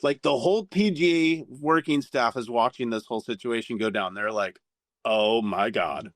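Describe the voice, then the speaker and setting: A man telling a candid story as a podcast guest, animated and full of swearing. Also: medium pitch, normal speed, no echo, studio quality. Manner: profane, animated anecdote-telling.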